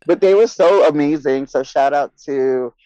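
Expressive man telling a funny story. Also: on the high side, dry recording, muffled recording. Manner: laughing, expressive, quick asides. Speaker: podcast co-host. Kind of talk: casual chat.

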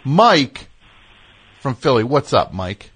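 A man's voice: mid-range voice, takes it slowly, slightly rough, no room sound. A man hosting a call-in radio show in a loose, rambling way, with plenty of ums and restarts. His voice sits in the middle range and is recorded close and dry in a studio. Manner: relaxed, rambling, many fillers. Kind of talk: casual call-in chat.

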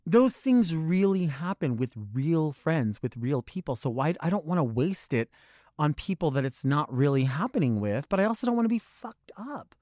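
A man, a drag performer, chatting casually on a podcast. He tells animated stories, acts out quotes and swears freely. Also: on the high side, normal speed, no echo, studio quality.

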